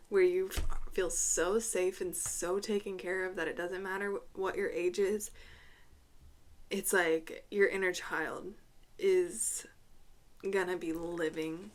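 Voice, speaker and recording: A woman gives a tarot reading at a slow, unhurried pace, pausing often and repeating her words as she goes. She clears her throat now and then and sometimes drops to a hushed, soft tone. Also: fairly low pitch, noisy background. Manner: soft, hushed drops when naming cards. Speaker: tarot reader. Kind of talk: intuitive tarot reading to camera.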